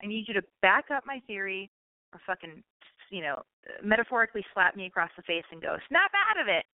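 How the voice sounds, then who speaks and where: A podcast host speaks fairly quickly at medium pitch with no room sound, though the audio is tinny and phone-like. She's an American in her thirties with a slight lisp, and her casual monologue wanders, swears a lot and makes fun of herself.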